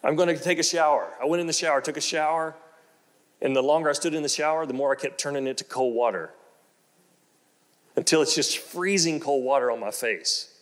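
Preaching from the pulpit, this middle-aged pastor starts with quiet, unhurried narration in a low register, then builds to loud, fervent outbursts, echoing his own words for emphasis.

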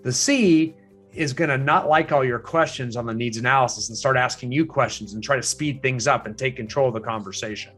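A man's voice: fairly quick, fairly bright tone, faint music behind. A man teaching real estate agents in a training lecture, emphatic and full of rhetorical questions, repeating his key points. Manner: swings pitch up and down for emphasis.

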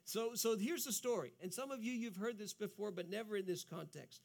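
Male pastor, sermon, earnest, gravelly, repeats words. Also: sits high, a little fast, darkish tone.

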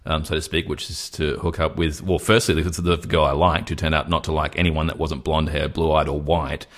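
A very low-voiced man tells a long, rambling story in casual podcast chat. He drifts into put-on whenever he quotes someone. His delivery is loose and anecdotal. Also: little pitch movement, a little fast. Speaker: podcast co-host.

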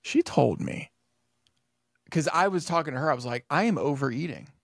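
A man co-hosting a casual podcast, telling rambling stories full of swearing and animated retellings. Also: fairly high pitch, normal speed, vocal fry, no echo, studio quality. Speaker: podcast co-host.

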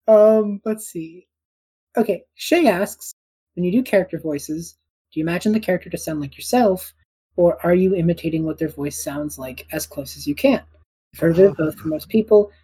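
A woman's voice: lowish voice, normal speed, mellow, husky, low-quality recording. A woman co-hosting a casual tabletop podcast, reading listener questions and rambling with laughs. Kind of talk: casual chat.

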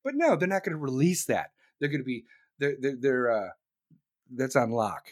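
A man's voice: medium pitch, lively intonation, normal speed, a little mellow. A man ranting heatedly in a profane, mocking comedic tirade. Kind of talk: profane comedic political rant.

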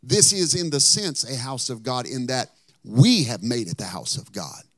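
A man preaching a sermon, telling a story and then pressing his point, at times rising to loud outbursts and at times dropping to a whisper. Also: mid-range voice, very animated, normal speed, no room sound, studio quality. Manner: drops to a whisper for emphasis. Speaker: pastor.

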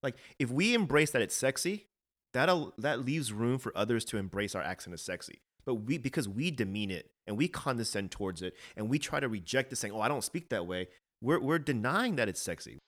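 A man with an ordinary mid-range voice talks through his view in a relaxed, conversational podcast chat. He is earnest and insistent, and he often stumbles over and repeats words as he gets going. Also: mid-range voice, brisk. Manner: earnest, repeats words when starting a thought. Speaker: podcast co-host. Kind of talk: casual opinionated discussion.

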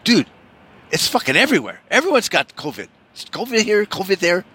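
A man's voice: high-pitched, wildly swooping pitch, a little fast, sharp tone, slightly rough, pitched above the performer's own voice, heavily acted. A man putting on the voice of a broke male hustler who pleads for money and keeps repeating "dude.". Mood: urgent.

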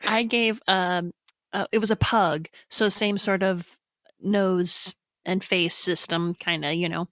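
A woman's voice: fairly low pitch, steady tone, slow pace, a bit bright, no room sound, clean studio sound. A woman guest-hosting a podcast, playful and laughing through casual banter. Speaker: guest co-host. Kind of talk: casual chat.

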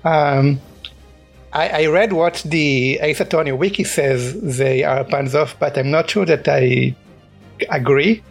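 A man co-hosting a podcast with a gravelly, slightly husky voice. He explains things patiently but hesitantly, pausing on "uh" and "um". Faint music sits low in the background. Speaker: podcast co-host. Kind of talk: casual chat.

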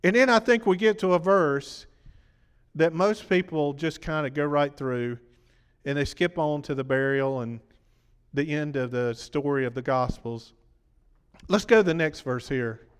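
A man preaches in a high, clean voice that is worn from a day of sermons. He keeps a measured pace, speaking conversationally and repeatedly quizzing the congregation. A large hall's long reverb makes his voice ring.

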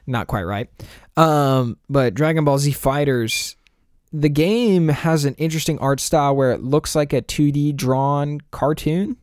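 A man's voice: fairly high pitch, unhurried, darkish tone, clean tone, no room sound, clean studio sound. A man co-hosting a podcast, chatting casually and enthusiastically about video games, rambling and laughing often. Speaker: podcast co-host.

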